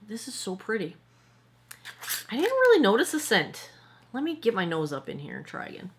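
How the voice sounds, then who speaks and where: A woman in her forties, a skincare vlogger who also makes her own products, films a casual, chatty review at home in front of a monitor. Her fairly high voice swoops wildly in pitch at a moderate pace with a slightly rough edge. She rambles and often corrects herself mid-sentence.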